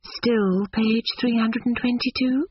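A man reading an audiobook, voicing a fussy, indignant middle-aged mother with a brisk, scolding manner. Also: very high voice, steady tone, breathy edge, no echo, highs cut off, voice pushed up, heavily acted.

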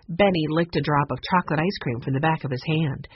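A woman narrating a children's audiobook with expressive storytelling. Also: deep voice, a little fast, slightly rough, dry recording, muffled recording. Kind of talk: scripted narration.

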